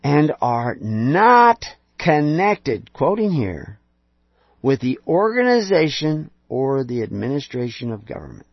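Husky, animated man preaching. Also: mid-range voice, slow, dry recording. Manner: emphatic, rhetorical questions, sarcastic asides. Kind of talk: preaching lecture. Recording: dull lo-fi recording.

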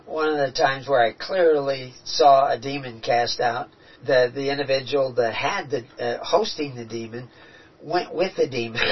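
A man's voice: medium pitch, slightly rough. A man telling earnest, reflective stories about his spiritual experiences in a casual talk. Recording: dull, distant-sounding recording.

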